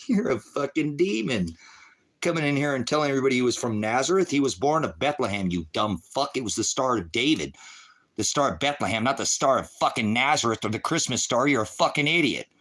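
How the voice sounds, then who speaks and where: Male livestream preacher, cursing and mocking, volatile volume, mid pitch. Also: expressive, a little fast. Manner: profane, taunting, mocking laughter; swings from low mutter to high shouting. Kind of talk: heated livestream rant at chat.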